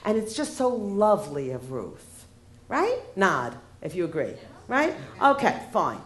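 A woman's voice: fairly low pitch, very animated, measured pace. A woman giving a humorous lecture, wry in tone and often asking the audience rhetorical questions. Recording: roomy echo.

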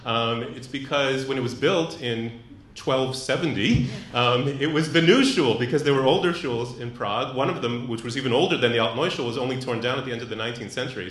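A man's voice: medium pitch, brisk, fairly bright tone. A man giving a live lecture to an audience in a room. He talks thoughtfully, with many fillers and restarts. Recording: echoey room.

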